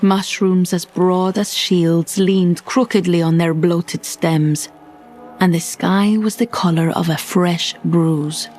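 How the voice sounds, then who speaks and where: A woman reading a dark fantasy story in measured, dramatic scripted narration. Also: lowish voice, steady tone. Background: faint music.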